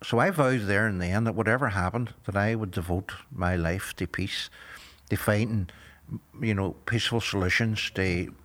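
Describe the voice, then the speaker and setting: A man in his sixties with a Northern Irish accent speaks in a low voice. He tells his story to an interviewer in a measured, earnest way and fills his pauses with "you know". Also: a bit bright. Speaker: guest.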